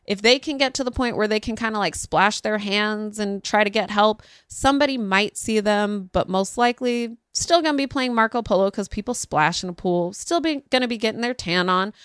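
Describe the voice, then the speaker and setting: A woman, a parenting podcast host telling a story casually and acting out quoted voices with sudden pitch jumps. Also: normal speed, few pauses, a bit bright, clean tone, no echo, studio quality.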